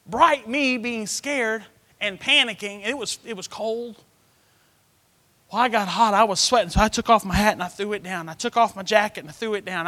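A middle-aged man, preaching a sermon through a personal story, swinging from hushed to loud. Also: high-pitched, big-room sound.

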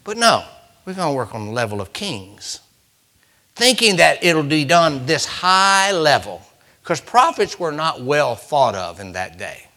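A man preaching a sermon, swinging from loud, urgent preaching down to hushed, near-whispered asides as he reads and retells scripture. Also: on the high side, big pitch swings, a little slow.

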